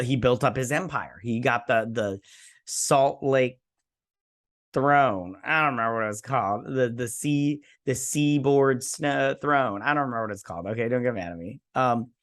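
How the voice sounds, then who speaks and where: A man's voice: lowish voice, fairly bright tone. A tired man hosting a TV review, casually recapping an episode in a loose, rambling, slangy way. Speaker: TV review host.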